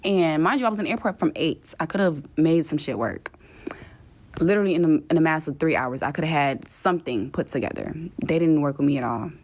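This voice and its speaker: Low-voiced woman ranting, profane and exasperated. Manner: profane, exasperated, mimics others in quick asides. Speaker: vlogger telling a travel story. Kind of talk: casual storytelling rant.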